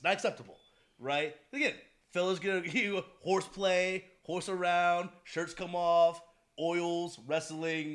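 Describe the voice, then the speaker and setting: A man's voice: high-pitched, fairly bright tone. A young man chatting casually and profanely, rambling with many restarts and laughing often.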